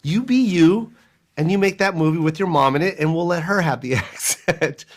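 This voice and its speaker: A man chatting as an interview guest, a comedian who tells his stories in animated bursts and laughs often. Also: on the high side. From United States. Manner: animated, laughs often, fast storytelling asides. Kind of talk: casual interview chat.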